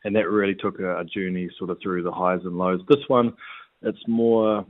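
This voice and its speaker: A New Zealand man and former rugby player, chatting in a relaxed, rambling way as an interview guest. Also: low-pitched, normal speed. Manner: relaxed, rambling with fillers and restarts. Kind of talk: casual interview chat. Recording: tinny phone-like line.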